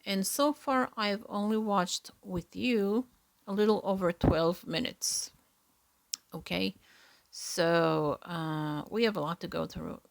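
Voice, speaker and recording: A woman hosting a solo reaction podcast, talking in an earnest, chatty way with fillers and soft asides. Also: mid-range voice, fairly even intonation, takes it slowly, vocal fry. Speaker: podcast host.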